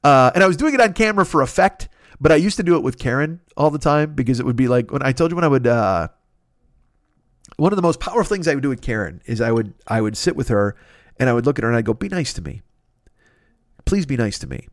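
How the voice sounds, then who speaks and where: A man's voice: medium pitch, expressive, quick pace, no echo, clean studio sound. A man hosting a podcast, telling a comedic story in a profane, ranting, self-mocking way. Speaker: podcast host.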